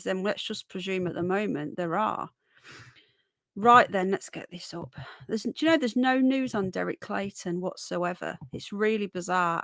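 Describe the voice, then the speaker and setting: Chatting casually on a livestream she hosts, a woman with a medium-pitched voice welcomes viewers by name. She sounds a little under the weather with a runny nose, and there's no echo.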